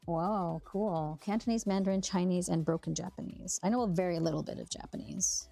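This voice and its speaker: Chatty woman with a gravelly low voice. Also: a little fast, mellow, soft background music. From Canada. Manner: chatty, laughs often, thinks aloud. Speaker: sewing livestream host. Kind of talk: casual chat while sewing, reading viewer comments.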